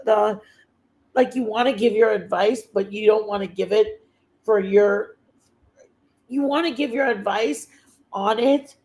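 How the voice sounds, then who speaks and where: A woman's voice: mid-range voice, a little mellow, low-quality recording. A middle-aged woman hosting a livestream in casual chat, rambling earnestly and often stopping to search for the right words. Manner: earnest and heartfelt. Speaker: livestream host.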